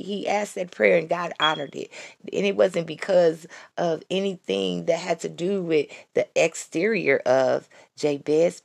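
Gravelly low-voiced woman testifying. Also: dry recording, studio quality. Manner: excited, repeats her phrases, calls out to listeners. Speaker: Christian vlogger giving testimony. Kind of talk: casual devotional talk.

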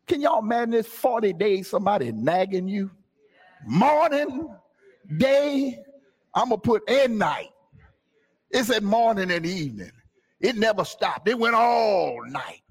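A male pastor preaches a sermon in a church sanctuary, moving between easygoing call-and-response with the congregation and shouted, almost sung phrases. His voice sits high, swoops widely, and has a husky grain.

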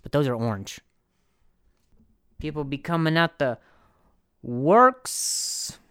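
A man's voice: on the high side, moderate pace, clear, resonant tone, no echo, studio quality. A young man hosting a comedy podcast, rambling and sarcastic with lots of restarts. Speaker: podcast host. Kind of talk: comedic monologue.

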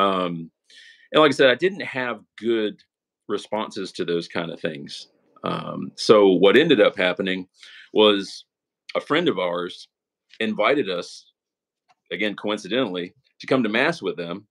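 A man's voice: low voice, lively intonation, unhurried, gravelly, fairly bright tone. A young man telling his story as an interview guest, casual and earnest, with emotion showing, often tossing in "man" and "right?". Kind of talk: casual conversational testimony.

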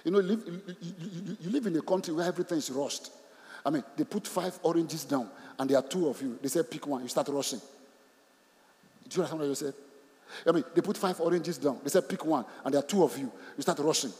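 A pastor preaching a sermon, animated, repeating phrases and putting questions to the congregation. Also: male voice, a little high, a little fast. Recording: long reverb of a large hall.

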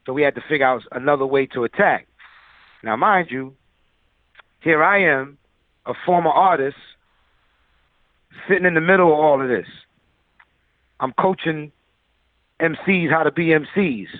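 A man's voice: a little high, normal speed, pauses often, dry recording. Man telling stories over a tinny line. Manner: loose, filler-heavy storyteller. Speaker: music producer guest. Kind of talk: casual interview storytelling.

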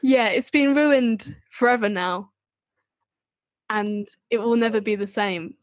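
A woman's voice: fairly high pitch, slow pace, no room sound. A woman co-hosting a podcast, chatting casually and enthusiastically, with a self-deprecating manner. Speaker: podcast co-host. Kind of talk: casual chat about a TV show.

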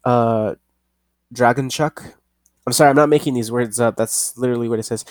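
A young man hosting a casual podcast, rambling and profane, reading news haltingly and laughing at himself. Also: medium pitch, fairly even intonation, darkish tone, dry recording. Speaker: podcast host.

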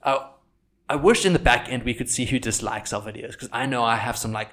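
On a casual podcast, a young filmmaker and content creator swears freely and acts out quotes in high, mocking voices. He talks fairly quickly, with a fairly bright tone.

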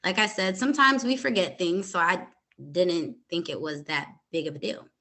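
Young woman, lowish pitch, bright edge; podcast host recounting a story, unhurried, hesitant, full of fillers. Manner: calm, hesitant retelling with many fillers. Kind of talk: personal storytelling.

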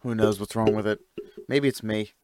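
Smooth-voiced indignant podcast guy. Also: on the low side, fairly even intonation, moderate pace, a little mellow. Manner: indignant, blunt. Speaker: podcast co-host. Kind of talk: casual chat.

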